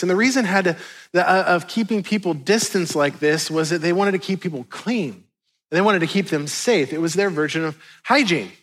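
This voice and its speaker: A middle-aged pastor with a high, fairly bright voice preaches a sermon to his church congregation. He is conversational and joking, tossing playful asides to the listeners.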